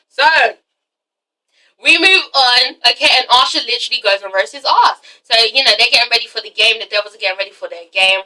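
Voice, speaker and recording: A woman reviewing a TV episode in casual chat, animated and profane, acting out scenes as she recaps them. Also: a little high, brisk, distant mic, low-quality recording. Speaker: TV show reviewer.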